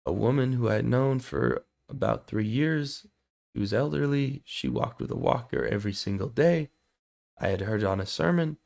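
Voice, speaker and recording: Young man, mid pitch, very gravelly, hoarse, earnest testimony storyteller. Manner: earnest, excitable storytelling with fillers. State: voice going hoarse. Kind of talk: personal faith testimony.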